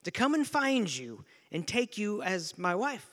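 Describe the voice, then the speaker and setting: A preacher voicing an incredulous ancient prophet. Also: male voice, high-pitched, sing-song, unhurried, a bit bright, heavily acted. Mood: earnest, pleading. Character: bewildered ancient male prophet, earnest. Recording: long reverb of a large hall.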